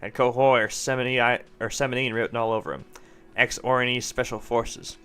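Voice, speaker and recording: Man voicing an aggressive male labor tough: loud, snarling, forceful, fast. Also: medium pitch, little pitch movement, smooth, close to an everyday voice. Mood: menacing. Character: hostile burly male union tough, menacing.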